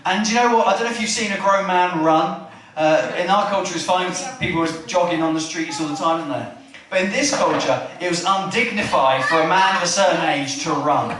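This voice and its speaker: High-voiced preacher in an echoey hall. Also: male voice, a little fast, far from the mic, a crowd in the background. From England. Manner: chatty, asks the room questions, animated retelling. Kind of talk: family church sermon. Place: church hall.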